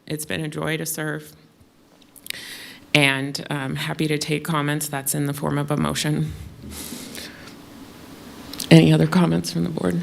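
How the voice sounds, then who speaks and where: A woman's voice: low-pitched, flat delivery, unhurried, vocal fry, long pauses, a little hiss or hum. A woman chairing a county board meeting at the dais, tearful and emotional, her voice breaking as she apologizes.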